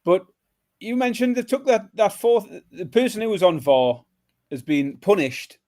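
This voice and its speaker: A man's voice: high voice, a little slow, darkish tone. A man co-hosting a podcast, complaining emphatically and with exasperation in casual chat. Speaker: podcast co-host.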